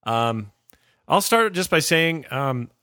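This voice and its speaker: Bright-voiced joking male podcast host. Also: on the high side, animated, slow, no room sound, studio quality. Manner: jokey, laughs often, rambling asides. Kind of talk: casual podcast chat.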